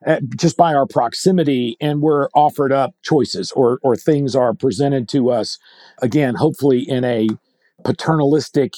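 A man's voice: medium pitch, moderate pace, warm tone, no echo, clean studio sound. A man hosting a podcast, asking long rambling questions with many restarts. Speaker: podcast host. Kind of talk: conversational interview.

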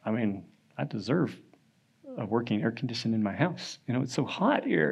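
A man's voice: mid-range voice, normal speed, gravelly, husky, highs cut off. A man teaching a Sunday school Bible lesson in a church classroom, casual and conversational, often checking in with "right?". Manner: conversational, often asks "right?", animated when telling a story.

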